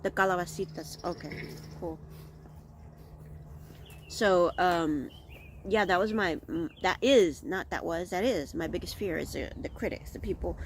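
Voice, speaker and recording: A middle-aged woman talks straight to her vlog audience outdoors in a slightly low voice. She is candid and rambling, and often restarts her sentences. Faint birdsong and outdoor ambience sit quietly behind her. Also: unhurried, a little hiss or hum. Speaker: vlog host. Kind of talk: casual reflective vlog monologue.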